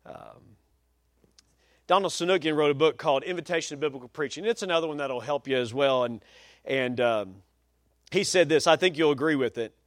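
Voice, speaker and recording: A man's voice: on the high side, brisk, no room sound, studio quality. A male pastor preaching a sermon with emphatic stress, folksy asides and changing pace.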